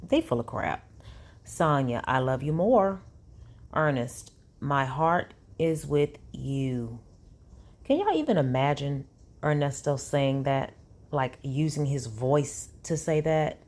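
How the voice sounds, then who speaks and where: A woman's voice: rumbling low, lively intonation, takes it slowly, darkish tone. A woman reads text messages aloud and breaks in with sassy, incredulous asides as a commentary vlogger.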